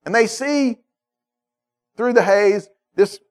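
A male preacher delivers a sermon in a lively, conversational style. He keeps checking in with his listeners. His voice sits high for a man. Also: slow pace, smooth. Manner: animated, conversational, checks in with "okay?".

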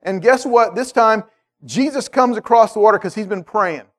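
A male preacher delivers a sermon in a lively, conversational style. He keeps checking in with his listeners. His voice sits high for a man. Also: moderate pace. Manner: animated, conversational, checks in with "okay?".

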